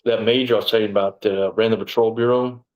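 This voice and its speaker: In a low-quality recording, a middle-aged man with a fairly low pitch and quick pace describes events from his time as a sheriff's deputy. The casual interview finds him rambling, animated, and voicing the dialogue himself.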